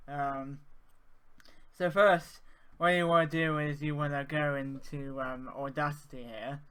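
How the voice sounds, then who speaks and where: A man's voice: on the high side, a bit bright, clean tone. A man teaching audio effects in an informal, hesitant way, with many fillers. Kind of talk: screen-share software tutorial.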